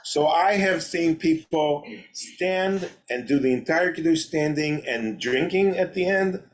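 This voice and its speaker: A rabbi teaching an informal class, speaking hesitantly with many fillers and restarts. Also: male voice, a little high, unhurried, slight background noise, poor audio.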